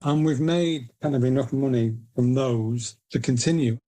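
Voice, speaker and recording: A middle-aged man with a Northern English accent, chatting as a guest on a podcast. He tells long, self-mocking anecdotes in a warm, mellow voice. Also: medium pitch, moderate pace. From Northern England. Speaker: guest, indie publisher. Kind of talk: casual storytelling interview.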